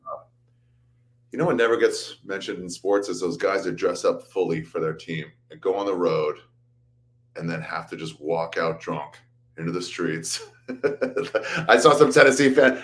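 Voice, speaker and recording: A man's voice: low voice, fairly even intonation, measured pace. A man, a comedian, chatting casually as a guest, joking and self-deprecating with laughs. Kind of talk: casual chat.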